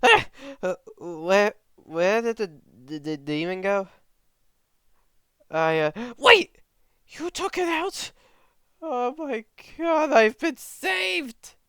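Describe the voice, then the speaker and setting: A man voicing a cowardly young male swordsman who panics and stammers in a shrill voice. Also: slow, fairly bright tone, clean tone, dry recording, studio quality, heavily acted. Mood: panicked.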